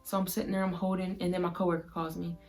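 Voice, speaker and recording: A woman vlogger retelling a painful personal story to the camera in a soft, halting way, full of "like". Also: fairly low pitch, flat delivery, soft background music.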